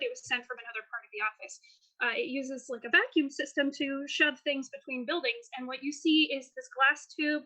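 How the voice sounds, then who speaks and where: A woman running a tabletop game, describing scenes in a lively, quick way full of fillers. Her voice sits high and sounds bright. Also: rough recording. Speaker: game master.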